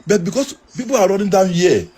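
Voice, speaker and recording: A middle-aged Nigerian man with a husky voice, telling earnest stories and pleading with his listeners. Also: high voice, animated, quick pace, warm tone. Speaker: interviewee. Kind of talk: emotional storytelling.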